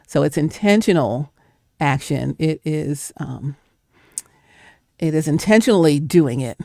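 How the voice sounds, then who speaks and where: Emphatic woman with a mellow voice. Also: deep voice, no room sound, clean studio sound. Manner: emphatic, preacher-like, acts out doubting inner voices. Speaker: guest speaker. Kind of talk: motivational faith talk.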